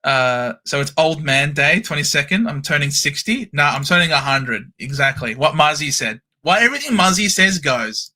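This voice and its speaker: A man hosting a live-stream football watchalong, calling the play with animated cheers and banter. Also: on the high side, moderate pace, hardly any pauses. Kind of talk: excited live sports commentary.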